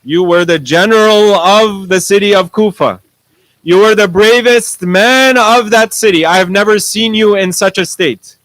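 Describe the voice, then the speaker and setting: A man's voice: high voice, unhurried, a bit bright, dry recording, rough recording. A man voicing a grown enemy commander who presses a general with probing questions. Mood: questioning. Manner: questioning, taunting.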